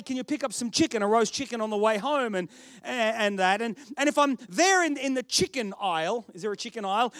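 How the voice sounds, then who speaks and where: A man's voice: very high voice, a bit bright, no echo, studio quality. A man with an Australian accent, a pastor preaching a sermon in a chatty, storytelling way with self-deprecating humour.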